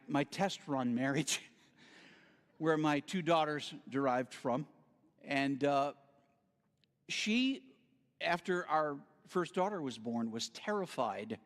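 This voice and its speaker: A man giving a storytelling sermon as a guest speaker at a spiritual center, theatrical and animated. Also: on the high side. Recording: reverberant hall.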